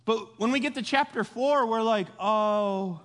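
A male pastor preaching a sermon, telling the story in a jokey, animated way and acting out voices. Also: very high voice, normal speed, long reverb tail.

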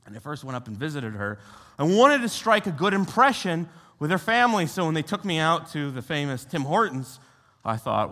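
A young American man preaches as a youth pastor, his voice bright and a little high, and his pitch swings widely. He keeps the sermon conversational and tosses rhetorical questions to the room. A long reverb from a large hall trails behind his words. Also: big pitch swings, normal speed. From United States.

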